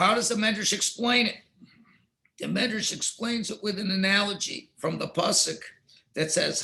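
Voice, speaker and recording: Guy giving a torah class, high bright voice w/ gravelly edge, tells stories. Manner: animated storytelling with Hebrew and Yiddish terms. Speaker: Torah teacher.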